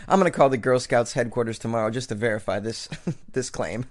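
Male host, comedic news reading, sarcastic asides, mid-pitched voice. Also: fairly quick. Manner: reads headlines then riffs with sarcastic, jokey asides.

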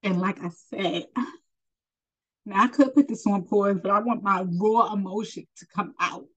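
A woman speaks in an informal, heartfelt preaching style, urging and encouraging her listener. Her voice sits at an ordinary middle pitch and carries an emotional, close-to-tears earnestness throughout. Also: normal speed, fairly bright tone, rough recording. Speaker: spiritual teacher.

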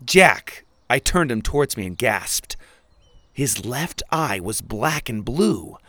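Man, storybook narration, first person, animated pitch, dry close sound. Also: slow pace, no room sound. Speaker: audiobook narrator.

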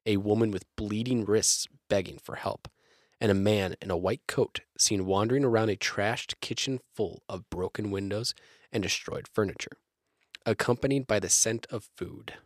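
A man's voice: lowish voice, moderate pace, no echo, clean studio sound. A young man co-hosting a podcast, reading his research notes steadily between jokes. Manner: reads notes steadily, breaks into joking voices. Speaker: podcast co-host. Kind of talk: reading research with comedic banter.

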